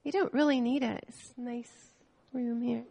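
Older woman from Canada, fairly high and gravelly, sharing a tender church testimony. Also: fairly even intonation, warm tone. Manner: emotional, personal, pausing and restarting. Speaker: missionary speaking to a church.

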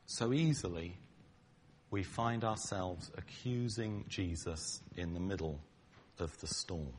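A man's voice: low voice, slow, a little hiss or hum. A middle-aged man, preaching a conversational sermon to his congregation, bantering with them and acting out quoted lines. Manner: acts out quoted lines dramatically. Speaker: pastor.

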